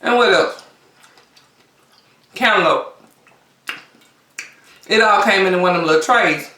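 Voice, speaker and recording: A woman vlogger chatting casually to camera between bites, often pausing on long hums. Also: mid-range voice, bright, forceful tone. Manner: chatty, talks between bites with drawn-out mms. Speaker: mukbang vlogger. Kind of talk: casual eating chat to camera. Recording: roomy sound from a distance.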